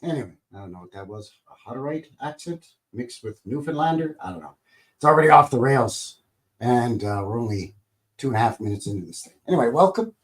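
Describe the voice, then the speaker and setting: A man's voice: mid-range voice, animated, brisk. Folksy man hosting a livestream. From Calgary, Alberta, Canada. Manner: jokey, folksy, rambling, greets chat by name. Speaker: livestream host. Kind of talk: casual livestream chat.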